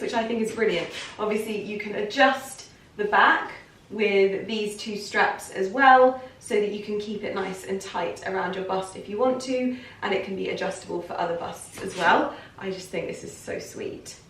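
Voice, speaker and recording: A woman's voice: medium pitch, fairly bright tone, recorded from a distance. An English woman chatting through a clothing try-on haul, gushing, chatty and emotional. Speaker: fashion vlogger. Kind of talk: casual try-on haul chat. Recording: roomy, off-mic sound with faint background noise.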